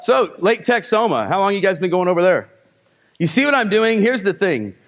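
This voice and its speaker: A male sales trainer working a live seminar crowd. He keeps firing rhetorical questions and then answers them with short, punchy commands. His voice sits a little high for a man. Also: expressive, brisk.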